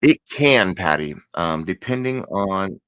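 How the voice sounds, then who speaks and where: A man's voice: sits low, animated, takes it slowly, a bit bright, smooth, dry recording, rough recording. A man with a Texan accent hosting a crochet channel, chatting casually and rambling, often correcting himself mid-sentence. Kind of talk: casual chat to viewers.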